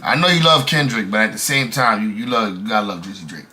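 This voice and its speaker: A man co-hosting a reaction stream, talking in loud, profane slang and laughing at the clips. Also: on the low side, expressive, quick pace, heavy background noise. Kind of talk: casual reaction chat.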